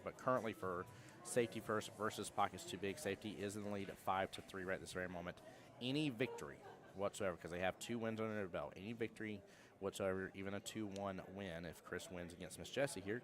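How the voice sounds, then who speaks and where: A man co-commentating a live pool tournament, excitable as he breaks down scores and standings. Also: low-pitched. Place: pool hall.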